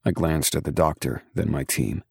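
A man with a very deep, gravelly voice reads a first-person story in a steady, measured way. His tone is husky, and the recording is close and dry with no room sound. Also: no echo. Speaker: audiobook narrator. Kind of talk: first-person scripted narration.

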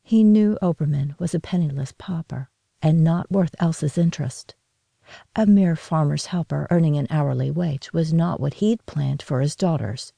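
A woman narrating a story in a steady, measured reading voice. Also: low-pitched, vocal fry, no echo.

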